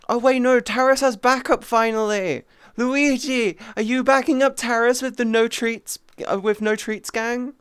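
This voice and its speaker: A woman streaming live, chatting casually with her chat, giggly and playful, sometimes cooing softly in baby-talk. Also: medium pitch, clean tone, no room sound. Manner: giggly, playful, often laughing.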